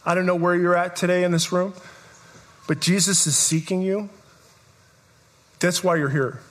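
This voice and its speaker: A man preaching a live sermon to a congregation, emphatic and repetitive, building to shouts. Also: high-pitched, fairly even intonation, moderate pace. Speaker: pastor. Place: church service, in front of a congregation.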